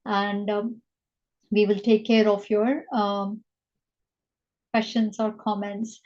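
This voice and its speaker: Woman, meditation teacher, spiritual class talk, very slow measured delivery, slightly high pitch, dull muffled sound. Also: level tone, darkish tone. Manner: slow, measured, repeats rhetorical questions.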